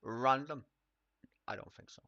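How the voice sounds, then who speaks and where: A man's voice: medium pitch, unhurried, sharp tone, dry recording, lo-fi sound. A man streaming live, ranting casually and mockingly about the news, swearing often and laughing.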